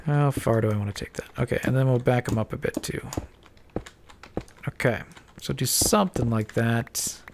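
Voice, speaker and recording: Over background noise, a stuffy-nosed Minecraft let's-player builds and thinks aloud in a mumbling, casual commentary. The voice sits in the mid range and moves at a moderate pace.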